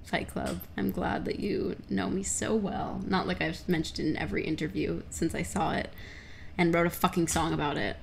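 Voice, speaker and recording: Young woman, casual livestream chat, excitable, gravelly fry, faint background hiss. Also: fairly low pitch, moderate pace. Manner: chatty, excitable, swears casually. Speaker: livestreamer answering chat questions.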